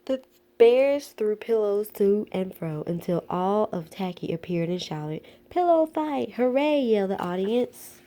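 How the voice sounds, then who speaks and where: A woman reading a children's picture book aloud in a playful, expressive way. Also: medium pitch, measured pace. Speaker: storyteller.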